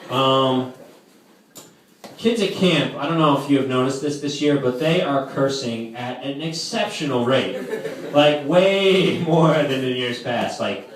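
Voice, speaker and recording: A man's voice: mid-range voice, unhurried. Brief: young male stand-up comic, rambling filler-heavy delivery, heard far off in a very echoey hall. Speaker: camp counselor doing stand-up. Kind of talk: live stand-up comedy. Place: camp hall with live audience. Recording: echoey distant room with noise.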